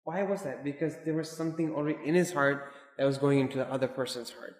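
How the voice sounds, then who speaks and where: A man giving an informal religious lesson, talking in a relaxed, digressive way and dropping in Arabic and Urdu terms. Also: on the high side, fast talker. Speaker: Islamic teacher. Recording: echoey hall with long reverb.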